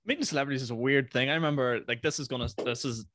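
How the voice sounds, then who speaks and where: A man's voice: medium pitch, racing, fairly bright tone, no room sound, clean studio sound. A man hosting a podcast, chatting casually, laughing a lot and swearing freely. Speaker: podcast host. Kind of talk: casual chat.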